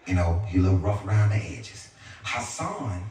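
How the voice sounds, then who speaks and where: A man doing stand-up storytelling, animated and squealing in high voices when he acts out his family. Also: normal speed, very echoey, slight background noise. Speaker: stand-up comedian. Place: live comedy stage. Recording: far-off mic with loud crowd laughter. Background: audience laughter.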